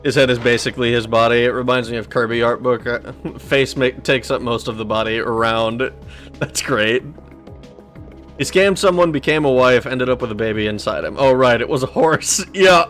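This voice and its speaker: A man's voice: medium pitch, moderate pace, a bit bright, soft background music. A man streaming a game live, rambling with stammered restarts, frequent laughs and casual swearing.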